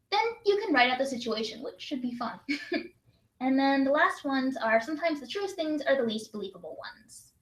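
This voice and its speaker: A woman's voice: sits high, lively intonation. Bubbly young woman in an echoey room. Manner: bubbly, quick to laugh, reads prompts aloud. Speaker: write-in co-host. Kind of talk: casual livestream chat. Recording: roomy echo.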